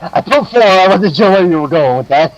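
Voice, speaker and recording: A man narrating as game master of a tabletop game, animated and cursing freely. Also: high voice, fairly quick, faint music behind, poor audio. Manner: animated, swearing, laughing.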